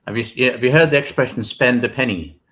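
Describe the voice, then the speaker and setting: A man's voice: medium pitch, fast talker, a bit bright. A British man, an author guest, chatting casually in an interview, rambling with many restarts and asides.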